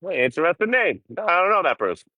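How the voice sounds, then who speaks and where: This young host's high voice is very animated and quick-paced, though the audio is dull and dry. He's livestreaming casually outdoors while traveling by train, cursing and laughing as he chats with viewers.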